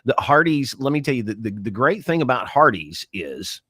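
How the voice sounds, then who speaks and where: A man's voice: medium pitch, very animated, moderate pace, fairly bright tone, slightly rough, no echo, studio quality. A man co-hosting a casual morning talk show, telling long, emphatic stories that ramble. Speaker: co-host.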